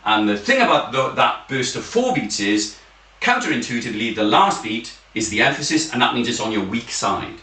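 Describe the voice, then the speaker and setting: A man teaching an online taiko drumming class, encouraging the group and counting beats out loud with shouts. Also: medium pitch, big pitch swings, brisk, loud music behind the voice. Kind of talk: online group music lesson. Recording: echoey room, slightly distant mic, drums behind. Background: taiko drums.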